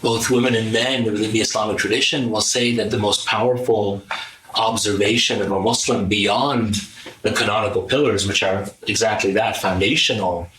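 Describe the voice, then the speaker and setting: A man with a fairly low voice speaks as an interview guest, explaining his ideas earnestly and thinking aloud as he tells a story. He sits some way off the mic in an echoey room. A faint noise runs underneath. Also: steady tone, normal speed, fairly bright tone, distant mic. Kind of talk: reflective conversational explanation.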